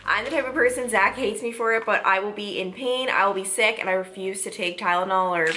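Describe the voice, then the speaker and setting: A woman's voice: mid-range voice, fairly quick, sharp tone, slight background noise. A woman in her twenties chatting casually to camera in a vlog, talkative and dramatic, full of "like". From Long Island, New York. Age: 20s. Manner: chatty, lots of "like", frustrated and dramatic. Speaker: vlogger.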